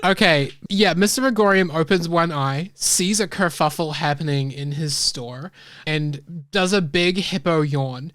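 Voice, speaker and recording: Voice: mid-range voice, unhurried, no room sound, clean studio sound. Game master narrating a tabletop game. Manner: relaxed, casual, with fillers.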